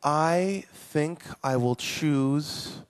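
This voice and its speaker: A man teaching children at a live conference session, animated and playful, praising his young volunteers. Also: on the high side, drawn-out words. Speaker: children's ministry speaker.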